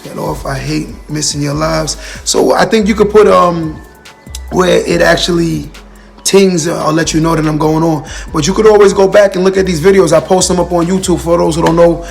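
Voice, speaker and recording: A man's gravelly, slightly high voice carries a casual motivational livestream at a moderate pace with fairly even intonation. Addressing viewers and their comments head-on, he is earnest and often repeats himself. Quiet, soft music plays behind him.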